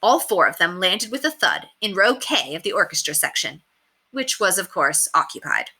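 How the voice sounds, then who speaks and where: Bright, animated woman reading aloud. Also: fairly low pitch, moderate pace, husky. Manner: expressive, animated. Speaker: reader. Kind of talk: storybook read-aloud.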